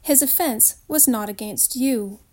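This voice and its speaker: A woman reading aloud, voicing a commanding male lion king in a calm, solemn, measured way. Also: fairly high pitch.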